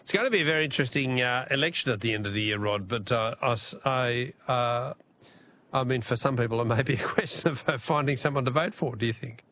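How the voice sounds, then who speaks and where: Chuckling Australian radio host. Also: male voice, medium pitch, fast, pushed and bright, a little hiss or hum. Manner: chuckling, friendly, chatty with callers. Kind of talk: casual talkback radio chat.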